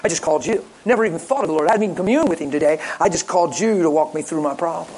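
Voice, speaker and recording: A male pastor preaching with lively stories, joking and acting out the callers he talks about. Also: on the high side, racing, a little hiss or hum, low-quality recording. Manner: lively, jokey, acts out callers in voices. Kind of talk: sermon with storytelling.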